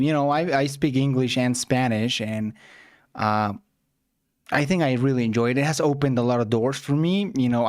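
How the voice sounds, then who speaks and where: A man chatting casually as a reaction streamer, musing aloud in a relaxed, easygoing way. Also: medium pitch. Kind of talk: casual chat.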